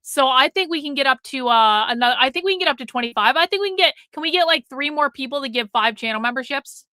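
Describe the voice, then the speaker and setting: A woman's voice: high-pitched, animated, fast, pushed and bright, no room sound. A woman hosting a live stream, chatting casually with viewers in a blunt, profane way and nagging them toward a goal. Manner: profane, blunt, nags the chat.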